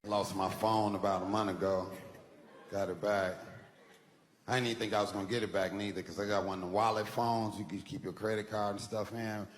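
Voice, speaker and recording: A male stand-up comedian, laid-back with loud bursts. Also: on the low side, level tone, brisk. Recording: club stage, reverb and loud noise.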